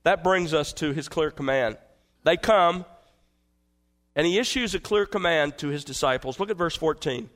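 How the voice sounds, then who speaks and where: A male pastor preaching an expository sermon in an earnest, emphatic way, swinging from forceful to hushed. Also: fairly high pitch, normal speed.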